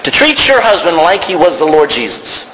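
A man's voice: on the high side, very animated, moderate pace, a bit bright. A male preacher giving an emphatic sermon, calling out to the congregation for responses. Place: church. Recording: long hall reverb, faint noise.

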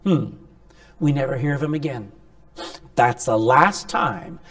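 A man preaching a sermon, animated, with sudden loud emphasis, quiet asides and many rhetorical questions to the congregation. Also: medium pitch, unhurried.

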